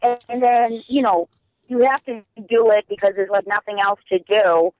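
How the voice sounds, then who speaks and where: A woman with a Boston accent calling in and chatting casually, talking very fast and rambling. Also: mid-range voice, a little mellow, dry recording, poor audio. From Boston, Massachusetts. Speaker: caller. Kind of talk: casual call-in chat.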